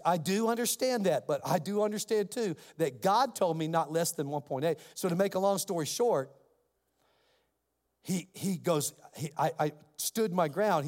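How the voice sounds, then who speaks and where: A male pastor with a high voice delivers an animated sermon story, switching into the voices of the people in it. His words ring with the long reverb of a large hall.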